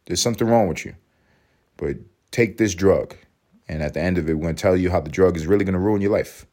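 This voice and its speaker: A man with a notably low voice holds forth in a loose, comedic podcast monologue. His talk is profane and rambling, and he breaks off into laughing asides as he riffs. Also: very fast, darkish tone. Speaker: podcast host.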